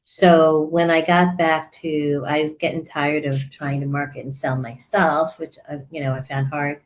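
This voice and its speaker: A woman in her sixties who works as a therapist and coach is a guest in a casual conversational interview. Her voice is low and unhurried, and she tells her story with animated warmth and plenty of laughter.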